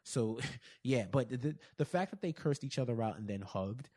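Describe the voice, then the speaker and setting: Animated man recapping a TV episode. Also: medium pitch, moderate pace. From Caribbean family. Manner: animated, quotes scenes and laughs often, many restarts. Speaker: podcast co-host. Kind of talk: casual TV recap chat.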